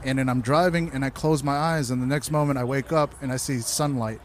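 There's a faint hiss or hum behind this man's medium-pitched, slightly fast voice. He's in a casual chat, telling profane, lively stories about wild nights in a loose, anecdotal way.

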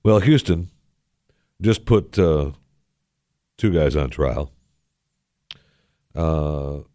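A man's voice: a bass voice, expressive, extremely slow, dark tone, no echo, studio quality. A man hosting a talk radio show into a headset mic, talking in a put-on folksy drawl with a joking, sarcastic manner. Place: radio studio. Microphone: headset microphone.

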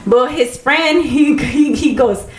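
Speaking slowly in an echoey room with slight background noise, a woman co-hosts a podcast and spins a casual story. She brings the people in it to life, delivering their quotes in a higher, raised voice.

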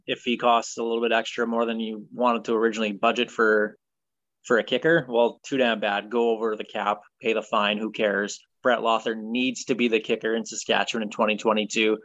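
A man leads a casual football talk segment, sliding between loose filler words and firm opinions. His voice sits at a middle pitch. The recording is close and dry, with a slightly dulled top end. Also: no echo, dull audio. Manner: relaxed, opinionated, many ums and uhs. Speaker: sports podcast host.

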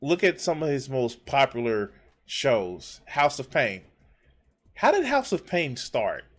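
A man's voice: medium pitch, very animated, slow. Blunt, profane male reaction commentator. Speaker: streamer reacting to a clip.

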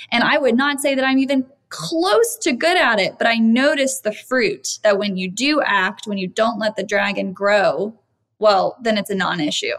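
A woman in her thirties hosting a podcast interview and steering toward closing questions. Her voice carries a noticeable gravelly fry. Her replies come warm and affirming. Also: mid-range voice. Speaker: podcast host and coach. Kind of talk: casual interview.

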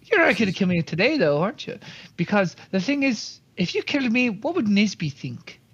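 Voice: mid-range voice, big pitch swings, brisk, slightly rough, dull audio. A playful tabletop game player who laughs often and talks boldly in character. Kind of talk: tabletop role-play.

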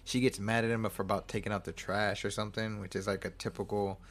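A man's voice: lowish voice, flat delivery, fast. A man casually recapping a film plot, rambling, swearing freely and often correcting himself. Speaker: movie reviewer.

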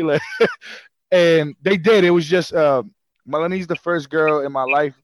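Over a video call, a young comedian from Brooklyn, New York, appears as a guest in casual chat, telling animated stories packed with fillers and acted-out quotes. His voice is fairly high and measured, with a little hiss or hum.

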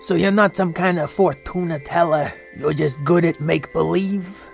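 A woman's voice: fairly low pitch, normal speed, creaky, faint music behind. A woman voicing a cheeky, playful invisible animal who interviews the host with teasing, mock-suspicious questions in a kids' podcast audio play.

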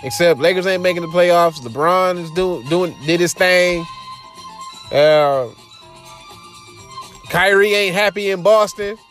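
A man's voice: high voice, a little slow, pauses often, a bit bright, soft background music. A young man with an African American Vernacular English accent, hosting a show in loose, profane casual commentary with laughing asides. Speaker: podcast host.

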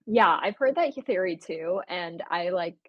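Hesitant woman, lower voice, dry sound. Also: expressive, normal speed, dry recording, lo-fi sound. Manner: hesitant, many fillers, laughs softly. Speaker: podcast co-host. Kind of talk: casual fan discussion.

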